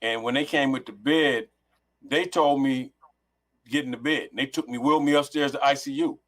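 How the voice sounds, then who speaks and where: A man's voice: mid-range voice, steady tone, a little fast, fairly bright tone. A middle-aged man from Los Angeles, a podcast guest telling a story over a headset, rambling with many restarts and swearing. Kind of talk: casual storytelling on a remote call.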